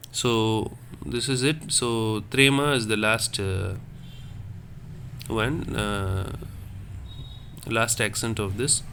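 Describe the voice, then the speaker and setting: A man teaching a French class online, explaining slowly and correcting himself as he repeats words. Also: lowish voice, pushed and bright, a little hiss or hum. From India. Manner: slow, repetitive explaining with self-corrections.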